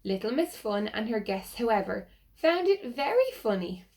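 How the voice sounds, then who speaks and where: A woman reading a picture book aloud to children, animated and asking them questions. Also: on the high side, moderate pace. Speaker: children's storyteller.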